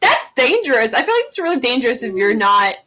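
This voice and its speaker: Here a young podcast co-host chats fast in a slightly high voice, full of gossip, giggles and lively reactions. The audio is poor.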